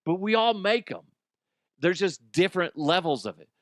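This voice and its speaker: Profane, rambling middle-aged radio host. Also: male voice, sits high, very animated, moderate pace, no echo, studio quality. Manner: profane, self-deprecating, rambling. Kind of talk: casual comedic talk radio monologue.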